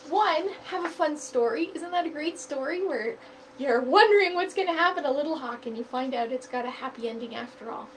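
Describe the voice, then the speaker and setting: A woman's voice: sits high, recorded from a distance, noisy background. A woman hosting a library storytime, reading a picture book aloud and explaining a craft in an upbeat, teacher-like way.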